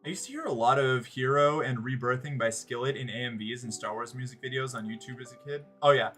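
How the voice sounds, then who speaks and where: A man's voice: medium pitch, fast talker, fairly bright tone, faint music behind. A man streaming live, rambling sarcastically and swearing freely while chatting with his viewers. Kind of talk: casual livestream chat.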